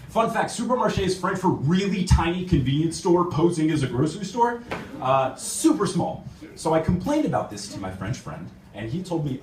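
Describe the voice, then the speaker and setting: A young American man performs stand-up in a club, and his voice swings widely in pitch as he tells his stories. He keeps breaking into laughter at his own jokes. The sound is roomy and a little distant, with faint room noise underneath. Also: big pitch swings, moderate pace, darkish tone. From United States. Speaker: stand-up comedian. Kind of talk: stand-up set. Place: comedy club stage.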